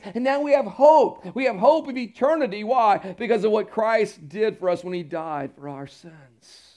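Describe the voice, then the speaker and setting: A man preaches from the pulpit with a high, ringing voice. He drives points home with loud, drawn-out declarations, then drops to quiet, confiding asides to the congregation. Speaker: pastor. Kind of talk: sermon. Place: church sanctuary.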